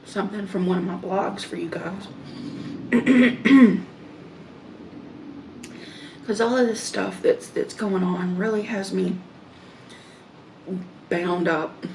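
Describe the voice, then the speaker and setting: A woman chats casually in a slow, rambling way, trailing off into fillers as she eats. Her voice is gravelly and sits low. Faint room noise hums behind her. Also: a little mellow. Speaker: mukbang vlogger. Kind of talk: casual chat while eating.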